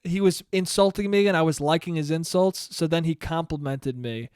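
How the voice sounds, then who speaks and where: A man's voice: fairly high pitch, normal speed, darkish tone, smooth, dry recording, studio quality. A man in his twenties hosting a casual solo podcast, rambling and self-deprecating, swearing freely. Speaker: podcast host.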